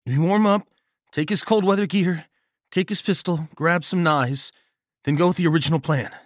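A bold, quick-thinking young woman soldier, as a male narrator voices her in a horror audiobook. She speaks in a raised, lifted register, loud and pressing. Her delivery turns whispery and teasing. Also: a little high, dry recording, clean studio sound, pitched above the performer's own voice, natural voice. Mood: decisive.

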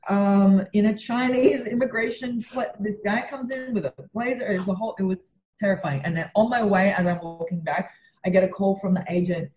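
A woman's voice: mid-range voice, brisk, a little hiss or hum. Australian woman telling a wild story. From Western Australia. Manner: animated, swears freely, acts out quotes. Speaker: comedian guest. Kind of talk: casual storytelling. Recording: roomy echo.

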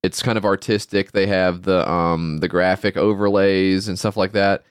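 A man's voice: sits low, level tone, normal speed, clear, resonant tone, dry recording, studio quality. A man co-hosting a podcast, chatting casually and ranting in exasperation. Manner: exasperated ranting, swears a lot. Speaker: podcast co-host. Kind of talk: casual chat.

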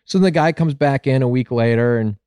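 A man on a comedy podcast, spinning a long joke in a loose, rambling way. His voice sits at an ordinary middle pitch. The sound is close and dry, with no room around it. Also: brisk, smooth, no room sound. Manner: rambling storyteller, loud excited voices for characters. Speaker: podcast co-host. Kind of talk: casual comedic chat, telling a long joke.

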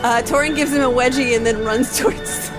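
A woman's voice: high-pitched, steady tone, a little fast, over music. A woman playing a tabletop game, describing her moves hesitantly with many fillers. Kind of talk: casual game play.

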